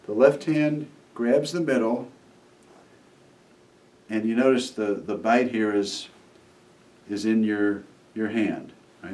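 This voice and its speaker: Male magician, lower register, easygoing how-to delivery; records a bit off the mic. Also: distant mic. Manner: relaxed, acts out the kids' replies while demonstrating. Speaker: magician teaching a trick. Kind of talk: casual how-to explanation.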